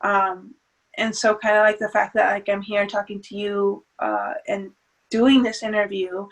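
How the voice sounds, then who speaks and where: A woman's voice: mid-range voice, little pitch movement, a little slow, low-quality recording. A woman speaking as a guest in an interview, earnest and hesitant, with many fillers and restarts. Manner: earnest, faith-centered talk. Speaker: guest, grieving mother. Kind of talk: emotional interview.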